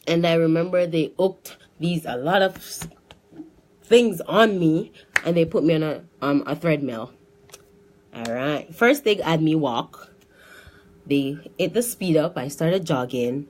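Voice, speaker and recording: A woman giving a personal testimony in a lively storytelling way, often restarting her sentences and acting out what others said. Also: low-pitched, measured pace, slight background noise.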